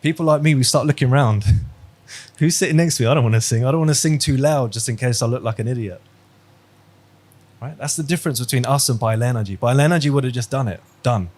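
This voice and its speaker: A man's voice: mid-range voice, fast talker, a little mellow. Man teaching an online class. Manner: conversational, quizzing students, storytelling. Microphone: video call.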